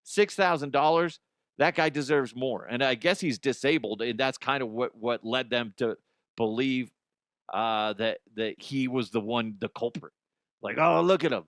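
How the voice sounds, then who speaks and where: A man's voice: medium pitch, a little slow, a bit bright, no room sound. A man hosting a comedy podcast, ranting about odd news in an exaggerated way, laughing at his own jokes, close to the mic. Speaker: podcast host.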